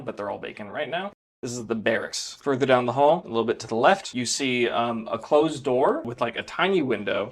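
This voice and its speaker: A man narrating a tabletop role-playing game as its game master. His voice sits at an ordinary middle pitch. He describes each room with easy, loose phrasing and casual fillers. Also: a bit bright.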